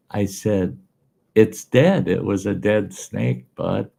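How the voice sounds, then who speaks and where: A man telling a folksy story in casual, animated style as a show host. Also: low voice, slow pace, gravelly, slightly rough. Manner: folksy, animated yarn-spinning.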